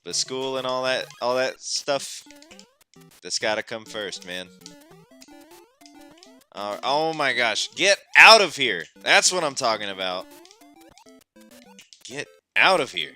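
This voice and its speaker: A man streaming a game, chatting casually, animated and exclamatory, and laughing often. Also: medium pitch, slow, long pauses, faint music behind. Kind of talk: casual gameplay chat.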